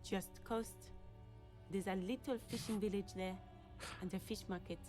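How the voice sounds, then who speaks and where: Sex: female. Figure: a woman doing a helpful local in a game. Pitch: medium. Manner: polite, matter-of-fact. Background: faint music. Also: fairly even intonation, moderate pace, a little mellow, lightly acted. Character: helpful local woman giving directions, casual.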